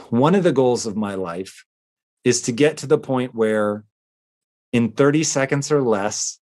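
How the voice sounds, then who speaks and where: Male talk-show host, mid-pitched, casual and earnest, explaining with lots of fillers. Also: measured pace, darkish tone. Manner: conversational, with frequent fillers and restarts. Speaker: host answering a listener letter.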